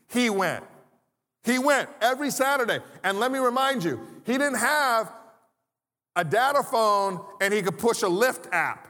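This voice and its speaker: A man with a notably high voice preaches a sermon from the pulpit. He keeps it conversational, tossing in humorous asides and rhetorical questions. The sound carries the long reverb of a large church hall. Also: a bit bright. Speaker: pastor. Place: church sanctuary.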